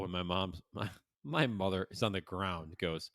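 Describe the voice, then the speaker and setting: A man's voice: low-pitched, normal speed, dry recording, clean studio sound. A middle-aged man co-hosting a casual podcast chat, telling stories with acted-out quotes and plenty of swearing. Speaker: podcast co-host.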